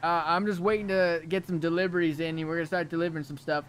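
A man streaming a game roleplay as a delivery driver, talking in a hurried, chatty way and stepping out of character to talk to his chat. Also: on the high side, fairly even intonation, a bit bright, slight background noise.

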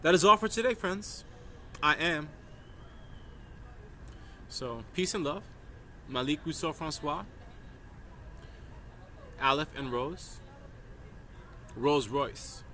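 A man's voice: a little high, expressive, takes it slowly, long pauses, pushed and bright, slight background noise. A man from New York delivering a rambling, emphatic stream-of-consciousness vlog monologue, often tagging his points with "right?". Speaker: vlogger.

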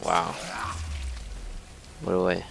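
A man's voice: deep voice, completely flat delivery, slow pace, vocal fry, music in the background. A young man doing let's play commentary, frustrated and swearing, with sarcastic outbursts. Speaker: gaming commentator.

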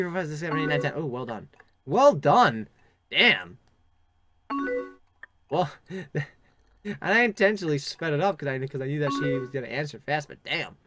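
A man's voice: fairly high pitch, dry recording. A young man hosting a gaming channel, reading game chat aloud and adding crude, sarcastic jokes as he plays. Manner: joking, crude asides, sarcastic. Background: keyboard typing and clicks.

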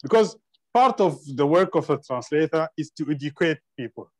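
A man's voice: fairly high pitch, lively intonation, moderate pace, darkish tone, no room sound, low-quality recording. A man whose first language is Arabic, hesitating often with fillers and restarts as he gives his view in an online group discussion. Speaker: discussion participant.

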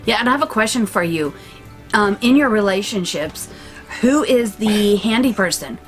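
A woman's voice: mid-range voice, expressive, soft background music. A woman co-hosting a casual vlog, chatty and teasing as she talks to viewers. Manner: chatty, teasing, quick to laugh. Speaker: vlog co-host. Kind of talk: casual chat.

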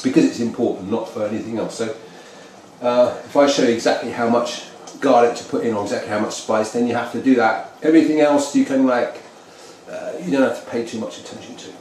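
A man's voice: medium pitch, fairly quick, darkish tone. A British man hosting a casual home cooking demonstration, rambling and repeating himself as he explains a recipe. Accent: British English. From United Kingdom. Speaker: home cook host. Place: home kitchen. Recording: echoey kitchen with faint noise.

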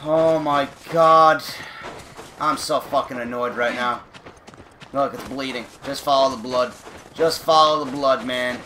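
A young man giving let's play commentary, ranting angrily and profanely, swinging between muttering and shouting. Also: mid-range voice, fairly even intonation, a little slow, a little hiss or hum. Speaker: gamer.

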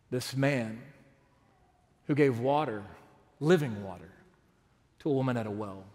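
A man from Texas preaching a sermon as pastor, earnest and full of rhetorical questions, rising to loud emphatic peaks and dropping to hushed asides. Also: a little high. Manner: asks the congregation rhetorical questions. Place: large church sanctuary. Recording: long reverb of a big sanctuary.

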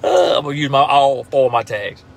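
A man's voice: mid-range voice, a little fast, creaky. A man with a Southern US accent chatting casually on a live stream about hunting, in a laid-back drawl full of fillers and laughs. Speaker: turkey hunter and call maker, social media host.

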